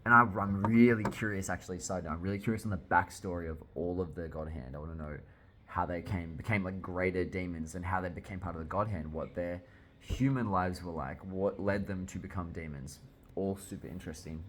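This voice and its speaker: A man with a deep, low voice talks through a manga chapter in a loose, casual reaction style. He gets worked up easily and swears freely as he reacts. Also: fairly quick, a bit bright, slight background noise. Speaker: manga reviewer.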